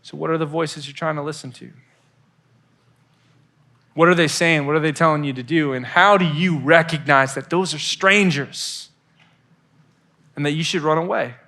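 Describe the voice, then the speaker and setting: A man in his thirties giving a youth sermon, telling stories in a lively way and acting out voices on the phone. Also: on the high side, normal speed, pauses often. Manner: animated storytelling with acted-out phone voices. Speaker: youth pastor.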